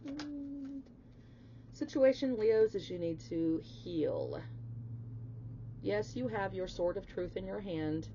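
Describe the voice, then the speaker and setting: A woman's voice: medium pitch, lively intonation, slow, long pauses, dark tone, muffled recording, slight background noise. A woman giving a casual spoken tarot reading, emphatic and chatty, swearing bluntly and swinging into emotional outbursts. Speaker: tarot reader.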